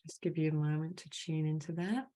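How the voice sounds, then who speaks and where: A woman, acting as a spiritual mentor who guides a group call in a gentle, soothing, affirming way and often adds "right?". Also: low voice, fairly quick. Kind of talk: guided group clearing session. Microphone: online video call.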